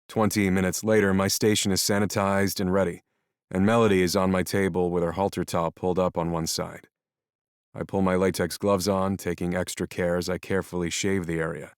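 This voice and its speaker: Deep, dry-voiced male narrator, calm and measured audiobook reading. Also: clean tone, no room sound. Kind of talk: first-person scripted narration.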